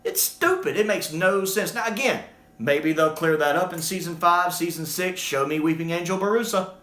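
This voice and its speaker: A man ranting through a casual video review in an animated, exasperated way. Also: fairly high pitch, normal speed, roomy sound.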